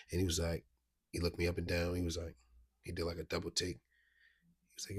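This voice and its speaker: Deep husky man. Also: monotone, fairly quick, pauses often, a bit bright. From Baltimore, USA. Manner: rambling, restarts, frequent "you know what I mean". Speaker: vlogger. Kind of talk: casual storytelling to camera.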